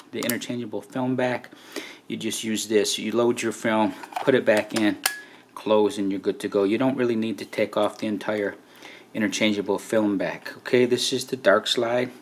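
A man giving a relaxed, conversational hands-on walkthrough of a camera, often checking in with "right?" and "okay". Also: lowish voice, noisy background. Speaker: camera reviewer.

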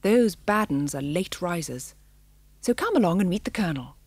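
A woman voicing a brisk, friendly female tabby cat who talks in a chatty, homely way in an audiobook. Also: lowish voice, animated, slightly rough, dry recording.

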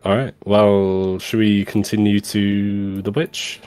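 A man's voice: fairly low pitch, little pitch movement, slow pace, dark tone, clean tone. A man taking part as a player in a tabletop role-playing game over a voice call, speaking hesitantly with many ums and restarts.

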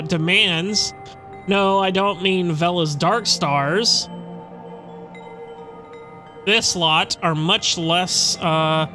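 A fretful, nervously polite female village mayor from a fantasy game, voiced by a man. The high, bright voice fusses in a slow, anxious way. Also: exaggerated voice. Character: flustered middle-aged female village mayor. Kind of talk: reading game dialogue aloud.

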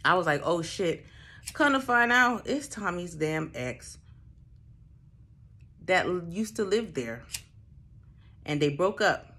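Animated, profane young woman storyteller. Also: fairly low pitch, slow pace, long pauses. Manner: animated, profane, acts out the people in her story. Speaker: storyteller host. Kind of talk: casual chat.

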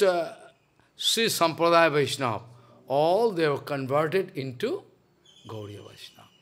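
Animated high-voiced preacher. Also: male voice. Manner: animated, dramatic retelling in broken English. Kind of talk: sermon storytelling.

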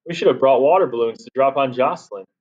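A cocky, easygoing teenage boy with a teasing lilt, as a male audiobook reader voices him. The pitch stays in a middle range. The sound is muffled and lo-fi. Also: quick pace, a little mellow, close to an everyday voice. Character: confident, mischievous teenage boy, teasing and relaxed.

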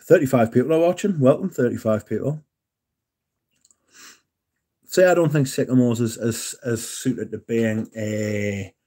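A man hosting a casual livestream, reading and answering chat in a relaxed, yawning way. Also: mid-range voice, a little slow, long pauses. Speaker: livestream host.

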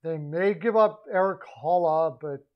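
A man with a slightly high voice talks hockey trades in a loose, rambling solo commentary. He stumbles over names, corrects himself and keeps tossing in animated asides to his viewers. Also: measured pace, highs cut off. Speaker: hockey podcaster.

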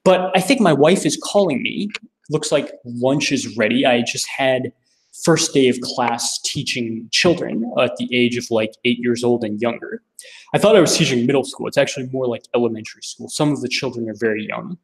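A man's voice: mid-range voice, moderate pace, poor audio. A young American man giving an informal philosophy lecture, thinking aloud with frequent restarts and fillers.

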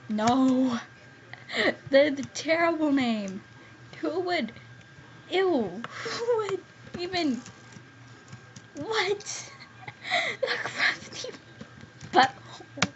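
Excitable high-voiced young woman gamer. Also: drawn-out words, pauses often. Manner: excitable, squeals and pleads when scared. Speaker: gaming YouTuber. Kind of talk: gameplay commentary. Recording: dull lo-fi home recording with faint hiss.

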